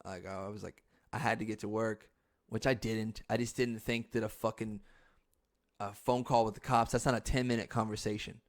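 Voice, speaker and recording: A young man hosting a podcast, telling stories in a loose, profane, casual way with sudden loud outbursts. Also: on the low side, flat delivery, normal speed. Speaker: podcast host. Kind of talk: casual storytelling monologue.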